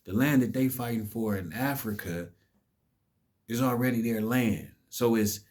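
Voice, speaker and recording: A man's voice: mid-range voice, unhurried, a little mellow. A man giving an impassioned, preachy vlog monologue, emphatic and cursing. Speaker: vlogger.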